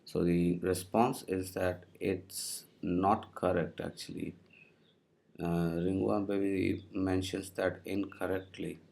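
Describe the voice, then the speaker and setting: A man with a low, gravelly voice questions his course material at an unhurried pace. His delivery is flat and hesitant, with filler sounds between his words. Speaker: student asking about course material. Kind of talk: casual spoken question.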